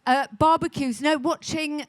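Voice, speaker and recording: A middle-aged woman speaks in a slightly high voice, tumbling from one aside to the next. Her talk is chatty and self-mocking, as a guest in a live stage conversation at a festival. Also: steady tone. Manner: chatty, rambling, self-deprecating with quick asides. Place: festival stage before an audience.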